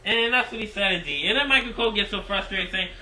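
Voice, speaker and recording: A man reviewing a wrestling show in casual recap style, excitable and rambling, repeating himself. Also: sits high, fast, roomy sound, rough recording.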